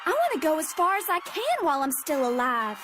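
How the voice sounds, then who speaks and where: A woman's voice: high-pitched, wildly swooping pitch, a little fast. A woman voicing a cheerful young anime girl in a dub, over music. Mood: dreamy, eager. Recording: played clip with music underneath.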